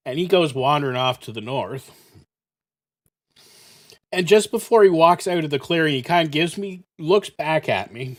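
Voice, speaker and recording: A man's voice: on the high side, animated, moderate pace. A man hosting a gaming channel, telling a rambling, profane story full of fillers. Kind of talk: casual storytelling while playing.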